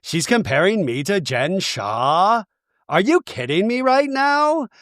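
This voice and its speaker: Guy doing a lady swearing she's serious, up and down pitch. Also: very animated, takes it slowly, a bit bright, no echo, clean studio sound, full character voice. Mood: insistent. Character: defensive woman reality star, insistent.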